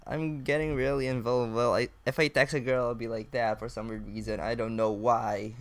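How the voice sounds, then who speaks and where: A man's voice: mid-range voice, steady tone, normal speed, a little hiss or hum. A young man playing a chat-based game, reading messages aloud and reacting with casual swearing and laughs. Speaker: gaming video creator. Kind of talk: casual let's-play commentary.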